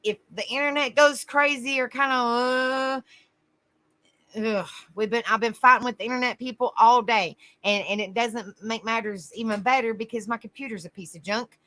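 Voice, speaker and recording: A woman's voice: a little high, fairly quick, hardly any pauses, bright, forceful tone. A woman hosting a casual livestream, greeting viewers by name and calling them honey. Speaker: livestream host.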